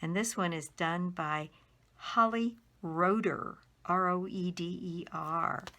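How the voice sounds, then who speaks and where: A middle-aged woman with a slightly low, gravelly voice takes her time, moving unhurriedly through a stack of handmade greeting cards. She admires each one and carefully spells out who made it, one letter at a time. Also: fairly even intonation, slow pace, fairly bright tone. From Colorado. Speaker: card-making demonstrator. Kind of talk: casual show-and-tell of handmade cards.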